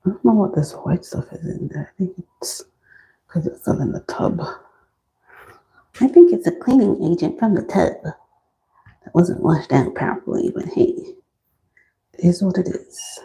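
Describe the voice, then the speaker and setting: Woman, low voice, gravelly, mellow tone, chatty livestream host, answers chat while working, phone mic, small washroom. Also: expressive, a little slow, long pauses, poor audio. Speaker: livestream host styling a wig. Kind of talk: casual chat with live viewers. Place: small warm washroom indoors. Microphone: phone camera.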